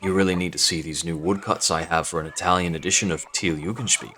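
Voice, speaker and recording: A man's voice: sits low, fairly even intonation, quick pace, background noise, close to an everyday voice. A man reading the lines of a friendly, sociable male village printer in a story game, in an easygoing read. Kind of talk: reading game dialogue aloud.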